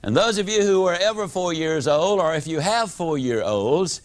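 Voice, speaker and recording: A man, giving a motivational seminar talk as a storyteller, animated, with dramatic swings in pitch and loudness. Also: moderate pace. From United States. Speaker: motivational speaker.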